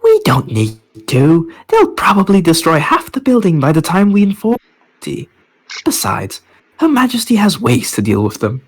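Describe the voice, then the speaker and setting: Casting: man putting on a fussy palace maid, witchy falsetto, husky edge, lively swoops. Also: normal speed, exaggerated voice. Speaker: volunteer reader. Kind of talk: amateur character voice reading.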